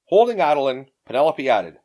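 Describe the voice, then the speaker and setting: A man narrating an audiobook in an expressive reading. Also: medium pitch, a little fast.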